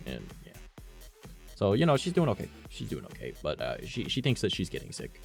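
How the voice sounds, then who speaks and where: Deep, gravelly streamer rambling. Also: male voice, very animated, a little fast, faint music behind. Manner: rambling, profane, acts out quoted lines. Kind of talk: casual chat, storytelling.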